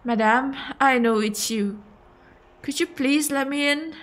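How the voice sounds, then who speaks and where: Woman playing a young man collecting debts, apologetic, somber, slow and hesitant, game dialogue. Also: high-pitched. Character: apologetic young male debt collector, dutiful.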